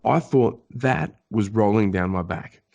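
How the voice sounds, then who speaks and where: Animated, swearing man telling a story. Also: fairly low pitch, unhurried, creaky. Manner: animated, swearing often, acts out voices in his stories. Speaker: podcast co-host. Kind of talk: casual storytelling chat.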